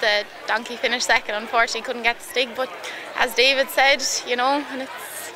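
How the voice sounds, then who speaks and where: A woman's voice: a little high, fairly even intonation, brisk, a crowd in the background, background noise. A woman jockey chatting casually outdoors at a race track, light and laughing. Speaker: jockey being interviewed. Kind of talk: casual chat.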